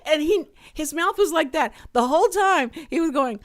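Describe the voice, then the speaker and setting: A woman's voice: high-pitched, normal speed, no echo, clean studio sound. A woman co-hosting a community radio show, telling a work story in casual chat and acting out the voices of the people in it. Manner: animated storyteller acting out quoted dialogue. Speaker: radio co-host. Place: radio studio.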